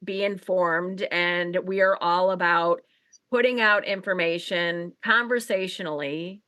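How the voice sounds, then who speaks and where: Chatty bright-voiced woman co-host. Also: fairly low pitch, steady tone, a little slow, clean tone, dry recording. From Chicago. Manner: chatty, rambling, many fillers and restarts. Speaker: podcast co-host. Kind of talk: casual conversational interview.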